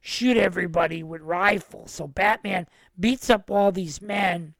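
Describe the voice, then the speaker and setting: A man's voice: high-pitched, unhurried, vocal fry, a bit bright, no echo. Enthusiastic man reviewing a film. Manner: enthusiastic, retells scenes at length. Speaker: podcast host. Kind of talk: casual film review monologue.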